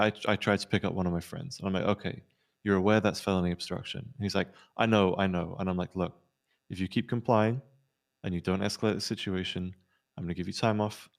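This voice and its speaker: A man with a fairly deep voice plays a police officer in a role-play. He tells the story of a standoff in a rapid debrief, acting out each quoted line. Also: creaky. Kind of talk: in-character debrief recounting an incident.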